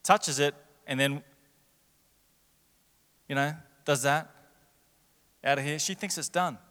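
A man's voice: a little high, slow pace, sharp tone, clear, resonant tone. A man preaching a sermon in a church, telling the story in a conversational way and acting out the voices he quotes. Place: church hall. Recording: long hall reverb.

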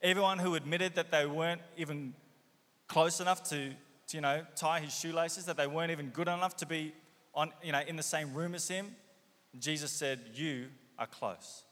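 Guy preaching a sermon, bright punchy voice, lots of questions, big hall echo. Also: fairly high pitch, fairly even intonation, normal speed. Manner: rhetorical questions, acts out quoted voices. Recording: long hall reverb.

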